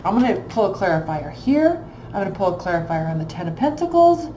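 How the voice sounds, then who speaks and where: A woman's voice: mid-range voice, big pitch swings, quick pace, dark tone, echoey room, a little hiss or hum, low-quality recording. A woman reading tarot cards in a blunt, emphatic way, repeating phrases for stress. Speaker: tarot reader.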